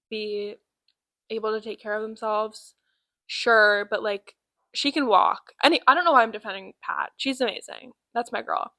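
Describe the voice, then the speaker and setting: Young woman, 19, bright tone, dry close sound, lively storyteller, casual podcast chat. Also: fairly high pitch, no echo, low-quality recording. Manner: animated storyteller acting out quoted voices. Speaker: podcast co-host.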